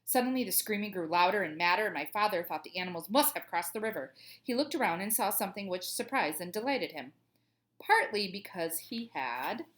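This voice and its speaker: A woman's voice: mid-range voice, lively intonation, brisk, fairly bright tone. Cheerful woman teacher reading a children's book aloud, chatty asides.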